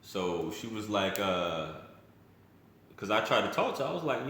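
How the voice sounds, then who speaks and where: A man's voice: on the low side, sing-song, unhurried, a bit bright, a little hiss or hum. A man telling a personal story in a casual vlog, blunt and rambling, often restarting his sentences and using slang. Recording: very echoey room.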